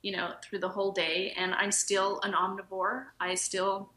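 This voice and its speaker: Bright-voiced woman telling stories. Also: mid-range voice, flat delivery, moderate pace. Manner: storytelling, laughs often, acts out quoted dialogue. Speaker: podcast guest, nutritionist. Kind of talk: casual interview storytelling. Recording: roomy echo.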